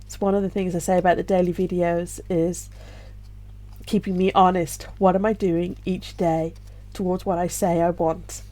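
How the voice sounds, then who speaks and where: Tearful woman, soft reflective vlog. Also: lowish voice, little pitch movement, normal speed. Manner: soft, reflective, with sighs and little laughs. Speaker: vlogger and self-published author. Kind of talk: emotional personal vlog.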